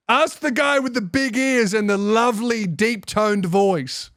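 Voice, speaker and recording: A man's voice: high voice, fairly bright tone, dry recording, clean studio sound. A young man giving a rambling, comedic podcast monologue, swearing freely and restarting his sentences.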